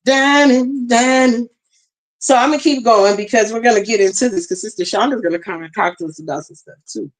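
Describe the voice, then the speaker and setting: A chatty host on a live stream who talks straight to the chat and leans on y'all and ain't. They fuss aloud over technical trouble while teaching a class from a tablet with bone-conduction headphones on. The voice sits at an ordinary middle pitch. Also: fast talker, hardly any pauses, low-quality recording. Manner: uses plenty of y'all and ain't.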